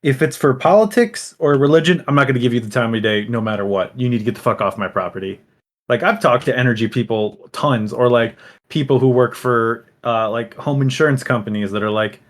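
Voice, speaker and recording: A man's voice: mid-range voice, brisk. A young man from Illinois co-hosting a casual podcast chat, blunt and rambling, with plenty of fillers and swearing. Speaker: podcast co-host.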